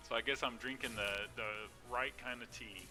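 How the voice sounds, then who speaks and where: Slow-talking, bright-voiced male streamer. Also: medium pitch. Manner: relaxed, chatty, laughs often. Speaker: game streamer. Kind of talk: casual live-stream chat while gaming.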